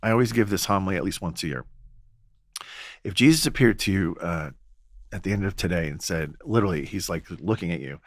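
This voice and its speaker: A man, a Catholic priest, telling stories in a relaxed podcast conversation and acting out the voices he quotes. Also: low voice, a little fast, no room sound, clean studio sound. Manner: storytelling, acts out quoted voices. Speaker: Catholic priest and exorcist guest.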